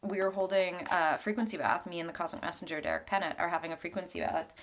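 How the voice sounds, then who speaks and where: A woman spiritual mentor giving a weekly tarot reading at her home altar, speaking gently and conversationally, often laughing. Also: lowish voice, steady tone, quick pace, a little hiss or hum.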